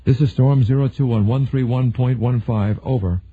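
A tough, blunt Air Force colonel, as the narrator voices him, talking firmly and decisively in a military audiobook. The voice is husky and comes through a narrow, phone-like band. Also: male voice, mid-range voice, moderate pace, close to an everyday voice.

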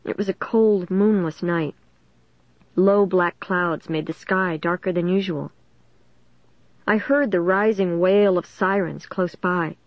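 A woman narrating a first-person suspense story in a steady, dramatic storytelling manner. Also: fairly low pitch, takes it slowly, no room sound, dull audio. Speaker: audiobook narrator.

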